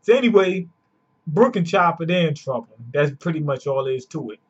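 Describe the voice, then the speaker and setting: A man's voice: on the high side, lively intonation, fairly quick, breathy edge. A man reviewing a manga chapter in casual, profane slang, laid-back and chatty. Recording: lo-fi dull sound.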